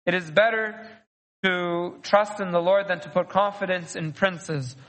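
A man's voice: high voice, steady tone, unhurried, a bit bright, long reverb tail, rough recording. A man, a priest giving a conversational sermon, often repeating and restarting phrases. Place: church.

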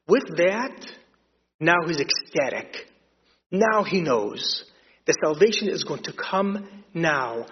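A man preaching a sermon, retelling scripture and acting out the dialogue in an animated storytelling way. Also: fairly high pitch, breathy edge. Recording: dull lo-fi sound with long hall reverb.

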